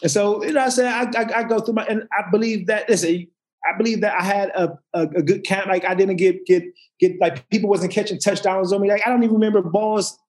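Speaking with a high-sitting voice at a quick pace, a former footballer trades stories in casual conversation. He's lively, voices others' lines, curses a lot, and repeatedly restarts what he's saying.

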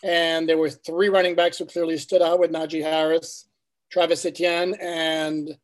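A man's voice: on the high side, little pitch movement, moderate pace. A man guest reporter discussing football in casual talk, making emphatic points.

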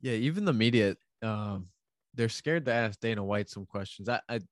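A man's voice: fairly low pitch, lively intonation, moderate pace, no echo. A man co-hosting a casual podcast chat, telling stories in a profane, rambling way. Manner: profane, storytelling with rambling restarts. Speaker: podcast co-host covering MMA betting.

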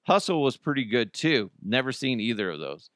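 A man's voice: mid-range voice, big pitch swings, normal speed, a bit bright, no room sound, clean studio sound. A man hosting a radio show, chatting casually with rambling jokes and self-corrections. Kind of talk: casual on-air chat.

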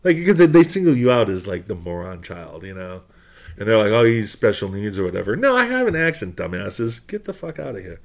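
A man with a New England accent, speaking as a podcast guest. He rants bluntly and swears freely, and his pitch swings widely as he gets worked up. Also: wildly swooping pitch, fairly quick, gravelly. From New Hampshire. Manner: blunt, profane, combative ranting. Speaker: podcast guest, skateboard brand owner. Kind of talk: casual podcast conversation.

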